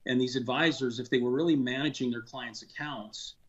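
A man's voice: mid-range voice, fairly even intonation, a little fast, dull audio. A man, a former industry insider, talking casually and earnestly on a radio show, frustrated, with many fillers and restarts. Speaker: financial advisor guest.

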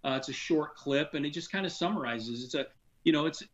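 A man's voice: a little high, a little fast, dull audio. A man, a former industry insider, talking casually and earnestly on a radio show, frustrated, with many fillers and restarts. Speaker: financial advisor guest.

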